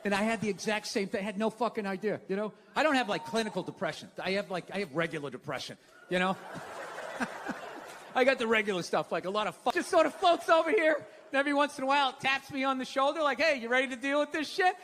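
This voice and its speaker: A man doing a stand-up comedy routine, ranting with profanity in an exasperated, animated way. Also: high-pitched, fast talker, slight background noise.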